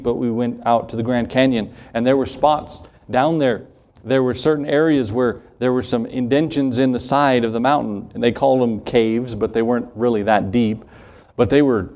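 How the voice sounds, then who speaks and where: A middle-aged man with a Southern US accent preaching a sermon in an earnest, conversational way, with quick asides to the congregation. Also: mid-range voice, darkish tone. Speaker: pastor.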